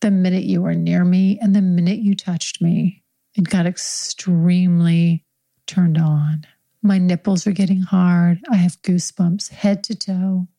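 A woman's voice: on the low side, little pitch movement, a little slow, creaky, warm tone. A woman host improvising an erotic story in the second person, intimate, frank and profane, lingering on her words. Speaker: podcast host.

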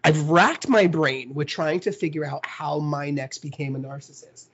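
A man's voice: fairly high pitch, a bit bright, slightly rough, highs cut off. A man hosting a casual podcast, reacting and trading stories in chatty speech full of "like". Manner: chatty, lots of "like" fillers, quick reactions. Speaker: podcast host.

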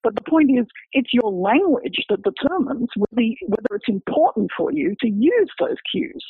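A man, a researcher, explaining his book's findings in an academic, halting way, full of repeated words and fillers. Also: very high-pitched, very animated, vocal fry, slightly rough, no room sound. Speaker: researcher discussing his book. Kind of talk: explanatory interview talk. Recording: dry, phone-like radio line.

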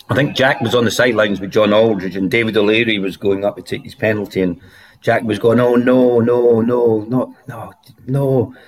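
A former footballer, a man, guest on a podcast, telling anecdotes in a lively way and laughing through his stories. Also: lowish voice. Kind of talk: anecdotal storytelling.

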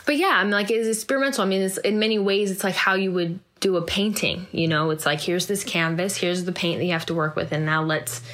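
A woman's voice: fairly low pitch, steady tone, a little fast, few pauses, fairly bright tone. A young woman actor in an interview, talking candidly and reflectively with many fillers and restarts.

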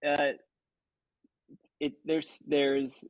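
A man in his thirties from Kansas, a puppeteer telling stories in a casual interview, animated and full of filler words. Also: fairly high pitch, very slow, no room sound, poor audio. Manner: animated anecdote-telling, acts out quoted voices, many ums. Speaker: puppeteer and actor, guest.

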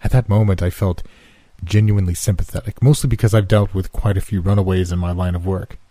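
A man narrating a first-person scary story in a slow, measured, suspenseful reading. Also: low-pitched, steady tone, mellow, no room sound.

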